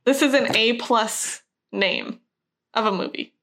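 A woman's voice: a little high, unhurried, creaky, a bit bright. A woman co-hosting a casual podcast, giggly and hesitant as she reads out movie news. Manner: giggly, self-conscious, often laughing and hesitating with ums. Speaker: podcast co-host.

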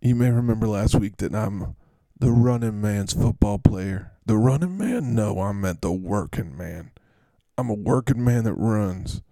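A man voicing a proud, hardworking running back who delivers a deadpan, boastful monologue. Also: lowish voice, unhurried, creaky, dry recording.

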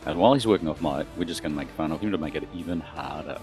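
A man's voice: a bass voice, very fast, darkish tone, faint music behind. A man player in a tabletop game, bantering and teasing the others.

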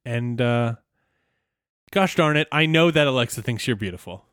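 A man's voice: medium pitch, lively intonation, normal speed, a bit bright, dry recording, clean studio sound. A man co-hosting a podcast, chatting playfully and jokingly while recapping a cartoon episode. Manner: playful, giggly, jokey. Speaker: podcast co-host.

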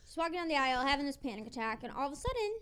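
A woman co-hosting a casual book podcast, animated and swearing freely as she retells scenes. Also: sits high, rapid-fire. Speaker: podcast co-host.

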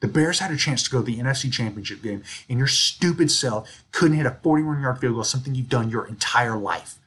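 A man co-hosting a sports podcast, telling stories in an animated, ranting way. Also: medium pitch, a little fast, slightly rough. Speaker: podcast co-host. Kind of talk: casual sports chat.

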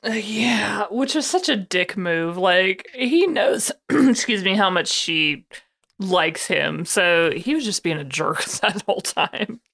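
A woman's voice: medium pitch, expressive, takes it slowly, creaky, fairly bright tone. A woman co-hosting a podcast in casual chat. She makes blunt, dry remarks and swears casually. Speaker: podcast co-host.

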